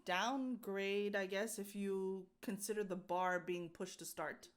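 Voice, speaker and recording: A woman's voice: mid-range voice, takes it slowly. A young adult woman co-hosting a podcast, telling a story in casual chat, acting out the people she quotes and laughing often. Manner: animated, acts out quoted voices, laughs often. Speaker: podcast co-host.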